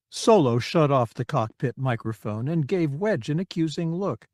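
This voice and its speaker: A man narrating an audiobook in measured, expressive storytelling. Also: mid-range voice, no echo, clean studio sound. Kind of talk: scripted narration.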